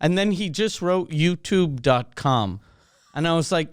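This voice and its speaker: A man's voice: on the high side, animated, measured pace, a little hiss or hum. A man chatting on a casual comedy podcast, telling anecdotes in a loose, profane way. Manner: loose and profane, laughing into his own anecdotes. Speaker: podcast co-host.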